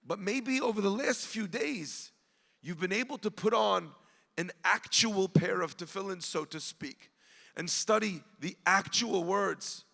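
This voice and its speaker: A man, a rabbi, giving an impassioned storytelling speech at an event, rising at times to shouts. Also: high-pitched, measured pace, gravelly, long reverb tail. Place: large event hall.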